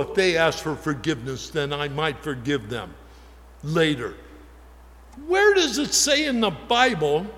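A man preaches slowly and deliberately, stopping to ask the congregation questions as he goes. His voice sits a little higher than most men's. A long church reverb trails after every phrase. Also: fairly bright tone. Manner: conversational, asks the congregation questions. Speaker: pastor. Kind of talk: sermon.

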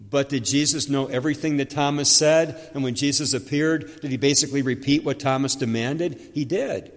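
A man's voice: medium pitch, big-room sound. A man preaching a sermon as a pastor, earnestly explaining scripture and asking his listeners rhetorical questions.

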